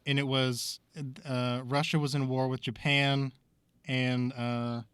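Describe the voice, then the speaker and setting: A man's voice: medium pitch, level tone, slow pace, a bit bright, clean tone, dry recording. A man co-hosting a podcast, talking in a rambling, thoughtful way with lots of fillers. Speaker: podcast co-host. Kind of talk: casual podcast discussion.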